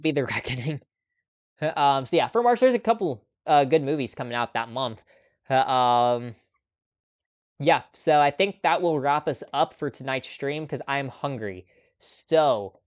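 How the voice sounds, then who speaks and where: A man's voice: mid-range voice, clear, resonant tone. Chatty man hosting a live movie stream. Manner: chatty, laughs often, lots of ums. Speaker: host. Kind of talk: casual live-stream chat.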